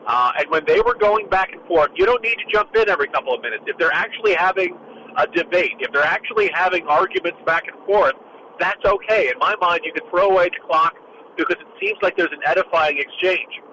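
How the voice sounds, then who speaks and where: A man talking casually as a political commentator, animated and jokey, with quick asides. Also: high-pitched, slight background noise, rough recording.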